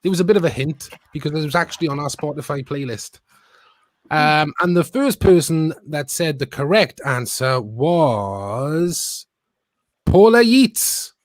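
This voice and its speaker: A man's voice: on the high side, moderate pace. A man co-hosting a podcast, cheerfully announcing a competition winner in casual chat.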